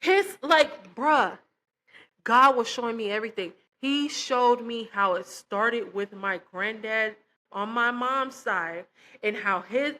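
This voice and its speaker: Young adult woman, casual spoken testimony, animated storytelling, slightly high-pitched, frequent fillers. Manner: animated storytelling with many fillers, acting out quoted dialogue. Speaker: testimony speaker.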